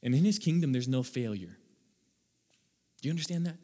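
Animated male pastor in a reverberant hall. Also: medium pitch, brisk. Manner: animated, acts out little scenes, laughs at own jokes. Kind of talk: sermon.

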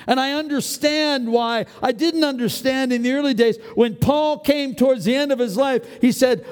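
Slow dramatic male preacher in a hall. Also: high voice. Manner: dramatic swings from loud to hushed, acting out inner voices. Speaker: pastor. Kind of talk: sermon.

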